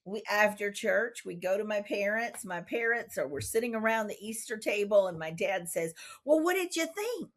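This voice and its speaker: A woman's voice: mid-range voice, fairly even intonation, moderate pace, hardly any pauses, a bit bright. A woman in her fifties telling a playful story as a guest in an interview. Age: 50s. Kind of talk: animated storytelling.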